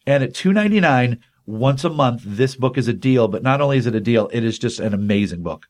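A man's voice: mid-range voice, expressive, a little fast, a little mellow. A man casually retelling a comic book issue on a podcast, rambling with many ums and restarts, acting out the dialogue.

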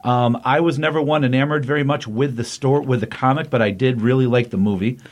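A man's voice: medium pitch, steady tone, a little fast. A man hosting a casual podcast, retelling a comic book plot with rambling enthusiasm and lots of fillers. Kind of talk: casual chat recapping a comic.

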